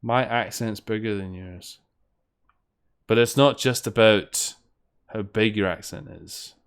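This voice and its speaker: A streamer playing fangames gives casual, meandering commentary, swearing now and then out of frustration. His fairly low voice is clean in tone, and he takes his time speaking.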